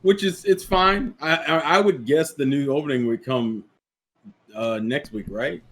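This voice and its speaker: A man chatting on a fan podcast, his voice sitting a bit high. He rambles and stumbles over repeated words as he works out his point, in a loose, casual way. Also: a little slow, breathy edge. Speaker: podcast co-host. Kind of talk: casual chat.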